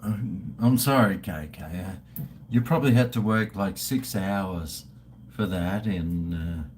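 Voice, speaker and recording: Slow-talking crude Australian man in his fifties. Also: low-pitched, a little mellow, a little hiss or hum. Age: 50s. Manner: crude, joking, swearing; drinking and toasting viewers. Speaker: livestream host. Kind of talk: casual live-stream chat.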